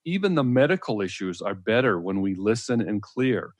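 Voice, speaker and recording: A man's voice: lowish voice, very animated, normal speed, no echo. A man co-hosting a talk radio show, explaining earnestly with frequent fillers. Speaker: co-host.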